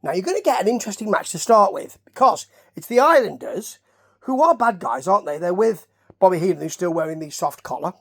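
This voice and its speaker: A man's voice: high voice, animated, a little fast, vocal fry, a bit bright. A man with a Nottingham English accent reviews old wrestling in a loose, chatty ramble. He wanders into asides and keeps tossing questions at the listener as he goes. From Nottingham, England. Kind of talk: casual rambling review commentary.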